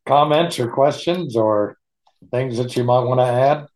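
A man leading an online Bible study, teaching in an unhurried, folksy way and chuckling often. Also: mid-range voice, a little mellow.

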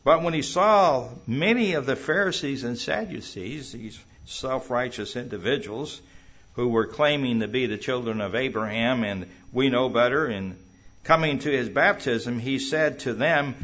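A man's voice: medium pitch, animated, unhurried, a bit bright, highs cut off. A man preaching a sermon to a congregation, reading scripture and building up emphatically on the quoted passages. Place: church hall.

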